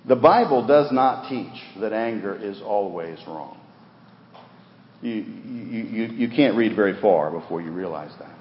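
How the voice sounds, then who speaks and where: A man's voice: lively intonation, normal speed, a little hiss or hum. Man preaching in a reverberant sanctuary. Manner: earnest, rises for emphasis then drops low, repeats words. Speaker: pastor. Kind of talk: sermon. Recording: dull roomy recording with long reverb.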